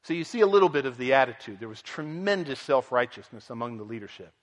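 A man's voice: medium pitch, animated, fast. Earnest preacher man in a reverberant hall. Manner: earnest expository preaching with dramatic quoted voices. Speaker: pastor. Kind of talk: sermon.

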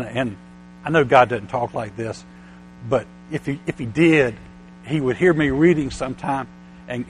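A man preaching a sermon, often restarting his words, slow and halting at first and then building to loud, emphatic passages. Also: mid-range voice, slight background noise, low-quality recording.

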